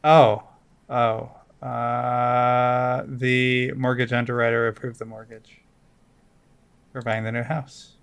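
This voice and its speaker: A man sharing his news on a casual stream in a dry, unhurried way. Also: medium pitch, level tone, clean tone. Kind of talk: casual chat.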